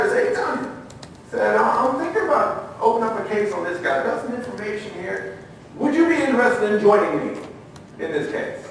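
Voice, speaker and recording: A middle-aged man giving a training talk at a conference, telling lively stories, acting out the quotes and asking the audience questions. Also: high-pitched, slight background noise. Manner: animated storyteller, acts out quotes, asks the audience questions. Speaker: conference speaker, former federal agent. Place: conference room. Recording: echoey room, heard from far off.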